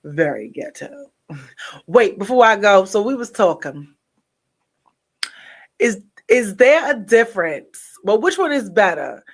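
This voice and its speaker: A woman's voice: mid-range voice, very animated, slow, long pauses. Sleepy, chatty woman hosting a livestream. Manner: chatty, talks straight to viewers, jumps between topics. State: sleepy, yawning. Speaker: livestream host. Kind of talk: casual live-stream chat.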